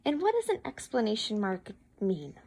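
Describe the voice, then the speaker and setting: A woman's voice: a little high, wildly swooping pitch, moderate pace, creaky, a little mellow. A woman teacher giving a patient, encouraging one-on-one reading lesson to a child.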